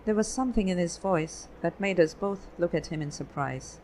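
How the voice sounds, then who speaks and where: Woman narrator, audiobook, steady reading, somewhat low pitch, faint background hiss. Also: normal speed, hardly any pauses, rough recording. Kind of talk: scripted narration.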